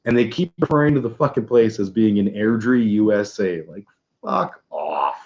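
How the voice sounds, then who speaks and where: A man's voice: lowish voice, fairly quick, dark tone, lo-fi sound. A middle-aged Canadian man with a Canadian accent, hosting a casual chat and telling rambling, profane stories. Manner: profane, rambling storyteller with acted-out voices. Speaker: host.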